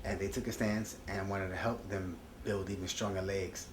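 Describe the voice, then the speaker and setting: A man's voice: low-pitched, flat delivery, normal speed, echoey room, noisy background. A man telling stories in an interview, laid-back and emphatic. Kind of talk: reflective storytelling.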